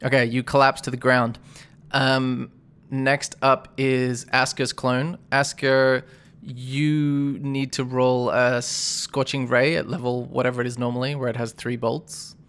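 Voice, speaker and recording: A man's voice: medium pitch, level tone, unhurried, fairly bright tone, clear, resonant tone. A man running a tabletop game as game master, narrating combat in a casual, rambling way with many fillers.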